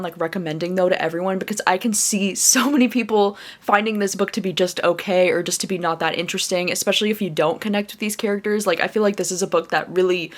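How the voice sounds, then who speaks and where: A woman in a casual reading vlog who talks in a chatty, gushing way. She leans on fillers and restarts as she thinks aloud. Her pitch sits in a middle range for a woman. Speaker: book vlogger.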